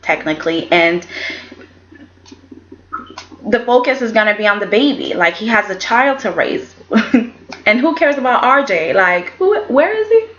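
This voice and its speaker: A woman's voice: fairly high pitch, big pitch swings, unhurried, long pauses, fairly bright tone, slight background noise. Chatty opinionated woman, lo-fi. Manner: chatty and opinionated, acts out quotes in voices. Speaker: soap opera reviewer. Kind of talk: casual chat.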